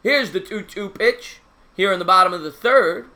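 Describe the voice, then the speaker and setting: A man calling a baseball game play by play on his live stream, chatting with viewers in a casual, slangy, excitable way. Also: high-pitched, moderate pace.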